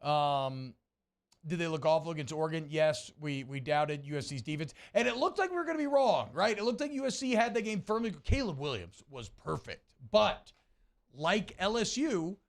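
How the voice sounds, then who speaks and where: A man co-hosting a sports radio show, talking in an animated, joking and emphatic way. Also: a little high, normal speed. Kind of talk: casual sports talk.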